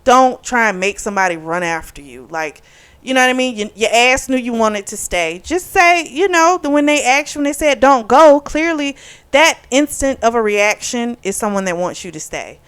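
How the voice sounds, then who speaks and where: Woman, book reviewer, casual vlog recap, smooth clear voice, frank, swears freely, animated asides. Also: fairly high pitch, normal speed. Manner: candid, profane, opinionated retelling; acts out characters' lines in animated bursts.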